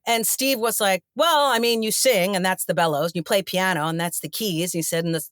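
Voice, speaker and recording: A middle-aged actress in a casual interview, telling stories and acting out the voices of the people in them. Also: female voice, on the low side, brisk, no room sound, studio quality. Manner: animated, acts out quoted dialogue. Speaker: actress guest.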